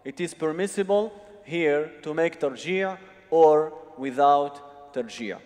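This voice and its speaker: A man's voice: a little high, slow, a little mellow. A man teaching a religious seminar, explaining step by step and often checking that the audience follows. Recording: long hall reverb.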